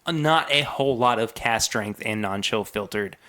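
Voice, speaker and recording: Man, podcast co-host, casual chat, upbeat, bright voice. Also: lowish voice, moderate pace.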